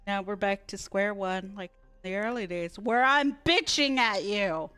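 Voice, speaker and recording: Slow-talking, blunt woman streamer. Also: mid-range voice, sharp tone, smooth, faint music behind. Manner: blunt, sarcastic, swears freely at the game's choices. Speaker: game streamer. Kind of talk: live game stream, reading story text and reacting.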